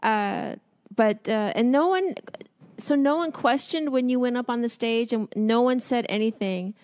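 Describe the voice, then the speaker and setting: A woman's voice: fairly high pitch, darkish tone, no echo. A woman co-hosting a talk show in casual chat. She asks questions, teases and laughs easily. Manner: questioning, teasing, quick to laugh. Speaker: podcast co-host.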